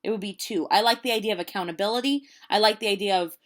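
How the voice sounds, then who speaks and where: Woman, late 20s, vlogger, lively casual storyteller. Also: mid-range voice, fast talker. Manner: animated, chatty storytelling with quoted voices.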